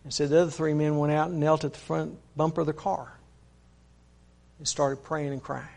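Gravelly-voiced preacher telling a story. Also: male voice, fairly high pitch, little pitch movement, moderate pace, a little mellow. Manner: folksy, earnest retelling with many "he said" asides and restarts. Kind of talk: sermon storytelling.

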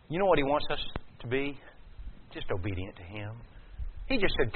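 A male preacher delivering a sermon, swinging from quiet, slow passages to loud, rising emphasis. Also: medium pitch, lively intonation, slight background noise. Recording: tinny phone-like sound.

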